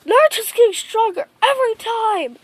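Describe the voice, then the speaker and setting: A woman's voice: very high-pitched, expressive, moderate pace, dry recording, voice pushed up. A woman voicing hostile male enemy ninjas in a fan story, who bluster and panic. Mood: alarmed.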